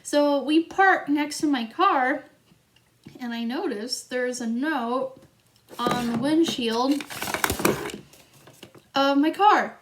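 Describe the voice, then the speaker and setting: A woman's voice: sits high, takes it slowly, long pauses, background noise. A young woman telling a story in a vlog, chatty and rambling, with frequent fillers and giggles. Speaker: vlogger.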